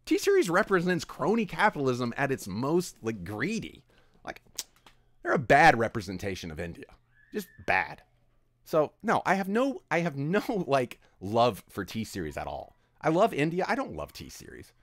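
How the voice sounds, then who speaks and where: A man's voice: medium pitch, huge pitch swings, normal speed, no room sound. A man giving an opinionated commentary rant, emphatic and exasperated, scolding his audience. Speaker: video commentator.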